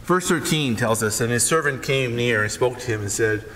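Male pastor, bright higher voice, lively storytelling sermon, long hall reverb. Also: moderate pace. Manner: animated storytelling, acting out characters in paraphrase.

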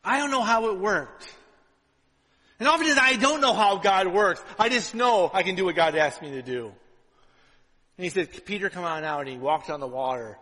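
A pastor delivering a conversational sermon, full of "right?" asides, swinging between loud and hushed. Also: male voice, sits high, moderate pace, long reverb tail, rough recording.

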